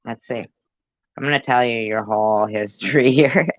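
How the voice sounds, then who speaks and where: A woman's voice: rumbling low, moderate pace, no echo. A middle-aged woman giving casual reaction commentary in a profane, joking, rambling way. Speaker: video commentator. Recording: dull lo-fi sound.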